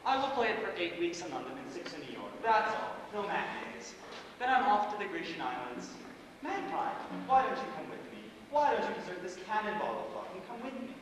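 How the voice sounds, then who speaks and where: A man's voice: high voice, sing-song, fairly quick, background noise. A teenage boy acting a flamboyant, vain celebrity playwright on a school stage, with grand, affected theatrical delivery. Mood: gossipy. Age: teen. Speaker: stage actor. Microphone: distant room mic. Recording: echoey school stage from far off.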